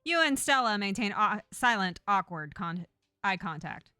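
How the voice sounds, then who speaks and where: A woman's voice: medium pitch, lively intonation, normal speed, pushed and bright, smooth, dry recording, studio quality. A woman from Texas streaming a story game, chatting with viewers in jokey asides between reading lines aloud.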